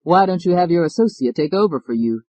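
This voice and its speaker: A man's voice: on the high side, lively intonation, fast, warm tone, no room sound, pitched above the performer's own voice. A man voicing a stern, impatient woman judge who scolds sharply, in a dry studio audiobook reading.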